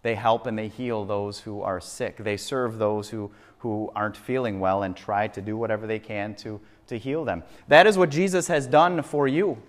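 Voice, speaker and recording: A man's voice: on the low side, moderate pace, few pauses. A male pastor preaching a sermon, emphatic and fond of repeating phrases for effect. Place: church sanctuary. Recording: long reverb of a church hall.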